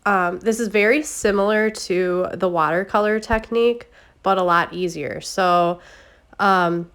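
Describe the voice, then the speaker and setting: A woman with a stuffy, congested voice from a cold, giving a relaxed, chatty craft tutorial with step-by-step explanations. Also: medium pitch, unhurried, clear, resonant tone. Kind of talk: casual step-by-step tutorial narration.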